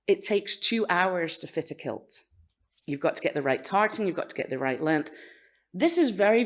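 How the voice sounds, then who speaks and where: A woman from Scotland with a Scottish accent gives a conference talk. Her delivery is dry and sarcastic, with a lively, animated edge. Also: fairly low pitch. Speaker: conference speaker.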